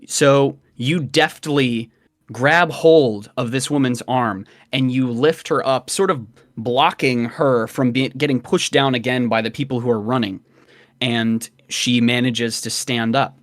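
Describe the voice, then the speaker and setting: A man narrating a tabletop game as dungeon master, describing scenes in a relaxed way with filler words. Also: medium pitch, measured pace, dry recording, studio quality.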